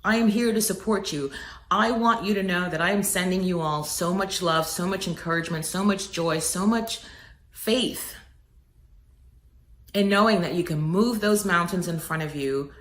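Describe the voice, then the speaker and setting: Deep-voiced woman giving an uplifting pep talk, kinda churchy, roomy echo. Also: normal speed, a bit bright. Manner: earnest, preacherly, swells on key words. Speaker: inspirational speaker. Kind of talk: motivational message.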